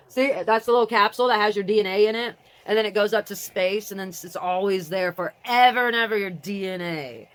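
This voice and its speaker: An adult vlogger with a grown daughter, talking casually and reading aloud from a website. The talk rambles, interrupts itself, and swings between excitement and mourning. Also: mid-range voice, fast, few pauses. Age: adult with a grown child.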